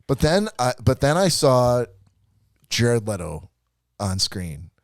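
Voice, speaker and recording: A man's voice: medium pitch, sing-song, slow pace, no room sound, studio quality. A man co-hosting a podcast, ranting and laughing through a profane movie review in casual chat. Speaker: podcast co-host.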